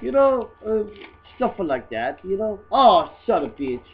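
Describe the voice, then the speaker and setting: A man doing a crude loudmouth. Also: high-pitched, sing-song, a little slow, breathy edge, phone-quality sound, full character voice. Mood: mocking. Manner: crude, rambling, broken English. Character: crude, rambling immigrant guy mocking photos. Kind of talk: comedy satire monologue.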